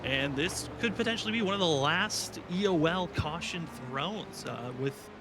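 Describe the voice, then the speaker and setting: A man hosting a live sim racing charity broadcast, quick and upbeat, reading names and updates. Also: a little high, lively intonation, background noise. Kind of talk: live race commentary.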